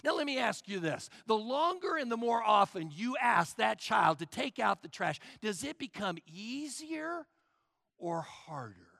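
High, lively, gravelly-voiced preacher man. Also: a little slow, no room sound, clean studio sound. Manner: emphatic, trailing off to a hush at phrase ends; asks the congregation rhetorical questions. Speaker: pastor. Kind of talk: sermon.

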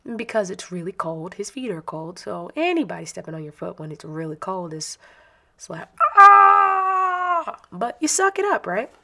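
A woman in her thirties, a parent, telling a personal story in an animated, chatty, self-mocking way. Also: lowish voice, fairly quick, vocal fry.

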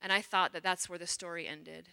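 Middle-aged nun, personal testimony, lively storyteller, bright tone. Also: female voice, lowish voice, fairly quick, vocal fry. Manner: animated storyteller, acts out quotes. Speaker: religious sister.

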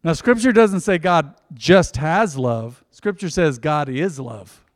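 A man preaching a sermon as pastor, in a conversational, emphatic manner that swings between loud bursts and soft asides. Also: a little high, expressive, takes it slowly, dry recording, clean studio sound, long reverb tail.

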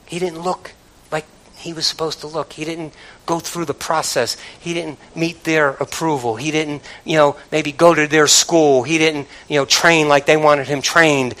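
A man preaching a sermon to a congregation, with call-and-response asides, starting low and building to loud exclamations. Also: normal speed, poor audio. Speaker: pastor.

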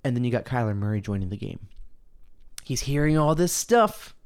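A young man hosting a casual show, ranting in an animated, slangy way and mocking people with put-on quotes. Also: mid-range voice, moderate pace, clear, resonant tone. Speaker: podcast host. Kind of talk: casual opinion rant.

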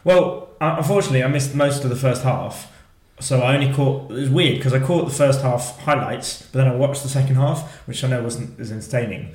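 A man's voice: medium pitch, a little fast, few pauses, a little mellow. A man co-hosting a casual football podcast, talking in long, rambling runs of chatty opinion. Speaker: podcast co-host. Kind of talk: casual chat about football. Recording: echoey room.

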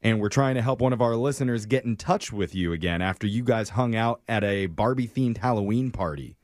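A man's voice: on the low side, a little fast, darkish tone, no echo. A man hosting a morning radio show, joking and teasing in casual banter at a studio microphone.

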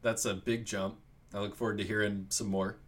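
Male co-host; low, husky voice; slow, blunt, casual reactions with swearing. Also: level tone. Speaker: podcast co-host.

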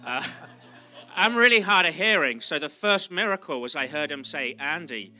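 A pastor from England with an English accent, giving an unprepared testimony in a self-deprecating, laughing way. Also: male voice, a little high, lively intonation, moderate pace, sharp tone.

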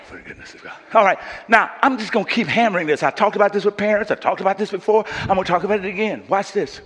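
A man preaching a sermon as pastor, working up to shouts and calling on the congregation to answer. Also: high voice, quick pace, husky, long reverb tail. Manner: preaching with rising shouts and call-and-response. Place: church sanctuary.

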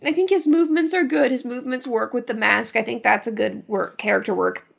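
A woman's voice: on the high side, brisk, vocal fry, breathy edge. A woman co-hosting a casual podcast about a horror film, blunt and opinionated, asking and answering her own questions. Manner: blunt, opinionated, talks through questions she answers herself. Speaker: podcast co-host. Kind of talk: casual film review chat.

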